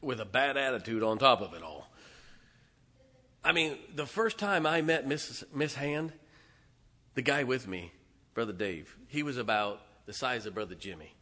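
A man preaching a sermon, telling a story in an animated way with loud bursts and soft asides. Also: medium pitch, normal speed.

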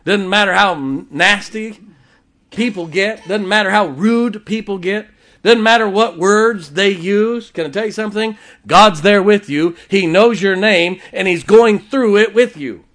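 A man's voice: high voice, measured pace, fairly bright tone. A man preaching a sermon to a congregation, folksy and emphatic, repeating his key lines and chuckling between points. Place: church before a congregation.

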